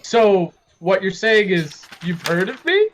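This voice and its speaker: A man's voice: high-pitched, big pitch swings, slow pace, background noise, exaggerated voice. A man playing Alvin, a cocky, fame-loving adventurer who talks in a playful, swaggering way. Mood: smug.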